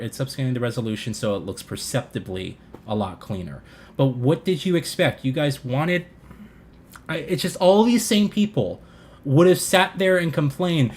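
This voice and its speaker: Exasperated, sarcastic man ranting on a livestream. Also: fairly high pitch. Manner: exasperated, sarcastic, swears, restarts sentences; reads chat comments aloud and answers them. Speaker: livestream host reacting to a console reveal. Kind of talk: casual livestream rant.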